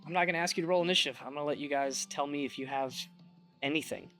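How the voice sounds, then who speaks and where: A man narrating as game master of a tabletop game, relaxed and rambling. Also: a little high, rapid-fire, faint music behind.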